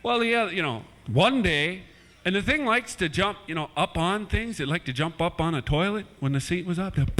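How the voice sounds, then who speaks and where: A man's voice: a little high, fairly bright tone, a little hiss or hum. A man doing playful family stand-up comedy in a church hall, chatting with kids in the crowd, on an old VHS recording.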